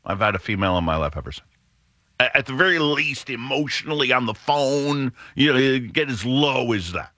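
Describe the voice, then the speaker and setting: A man's voice: medium pitch, lively intonation, fairly quick, sharp tone, dry recording. A middle-aged man hosting a show, talking in a rambling, wry monologue that keeps breaking off and restarting. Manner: rambling, self-interrupting, wry. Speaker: show host. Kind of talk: casual monologue.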